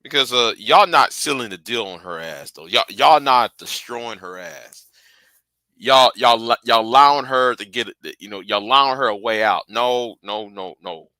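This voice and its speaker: A man's voice: medium pitch, expressive, normal speed, hardly any pauses, pushed and bright, no room sound, rough recording. A man hosting a livestream, ranting heatedly and profanely, often repeating and restarting his words. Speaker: livestream host. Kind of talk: angry livestream rant.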